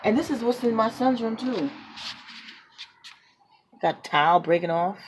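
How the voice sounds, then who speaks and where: A woman's voice: a little high, lively intonation, slow pace, long pauses, rough recording. A defiant woman with a New York accent rants on a phone-camera vlog from inside her apartment. She hammers the same phrases again and again and laughs scornfully between them. A faint hum of outdoor noise sits behind her voice. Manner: defiant, repetitive, laughs mid-rant. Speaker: public housing tenant vlogger. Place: apartment, indoors.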